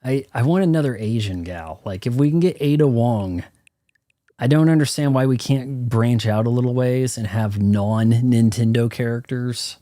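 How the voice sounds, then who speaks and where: Ranting man with a mellow voice. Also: medium pitch, moderate pace, no echo. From United States. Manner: ranting, profane, opinionated. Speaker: streamer. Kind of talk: live gameplay commentary.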